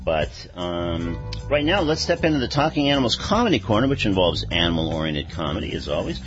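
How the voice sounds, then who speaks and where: Male radio host, lively pitch, measured, some fillers, soft music under a dull sound. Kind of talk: radio talk show hosting.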